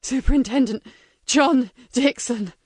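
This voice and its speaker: A woman's voice: sits high, a little slow, slightly rough, no echo, clean studio sound. A woman reading an audiobook voicing a terrified male prison guard who pleads breathlessly under torture. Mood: desperate.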